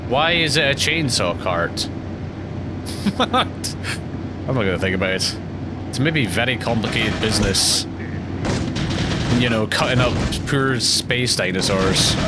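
A young man giving rambling, casual commentary while playing a video game, often jumpy and quick to laugh. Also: mid-range voice, heavy background noise. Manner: rambling, jumpy, breaks into panicked yelps and laughs. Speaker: let's play gamer.

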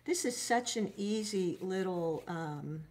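A woman's voice: lowish voice, animated, slow, darkish tone. Chatty woman teaching watercolor live. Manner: chatty, friendly, greets viewers by name; self-deprecating, loses her thread mid-sentence. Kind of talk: live-streamed painting lesson.

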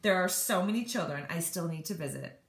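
A woman voicing a kind, graceful fairy woman who speaks gently. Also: fairly low pitch, lively intonation, brisk, vocal fry, echoey room. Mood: gentle.

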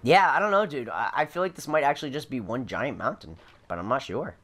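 A tired man playing a video game and commenting casually, excitable and swearing, laughing with loud outbursts. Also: medium pitch, a little fast. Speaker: let's play host.

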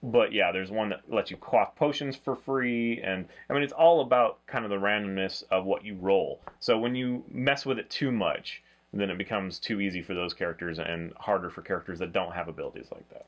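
A man hosting a casual board game review, talking in a flat, low-key way. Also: brisk, hardly any pauses, muffled recording. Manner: low-key, flat delivery, self-described monotone.

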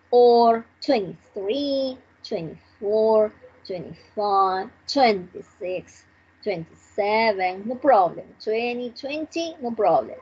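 A woman leads an online English class, talking slowly and repeating each word for practice. Her voice is very husky and fairly high, and it comes through a dull, lo-fi video call. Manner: slow, drilling repetition, switching between English and Spanish. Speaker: English teacher.

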